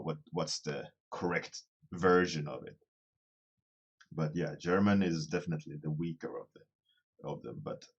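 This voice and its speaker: Low-voiced man chatting with his stream. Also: vocal fry, husky, highs cut off. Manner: rambling and self-deprecating, restarting phrases as he thinks aloud. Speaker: artist streaming a daily warmup. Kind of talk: casual livestream chat with viewers.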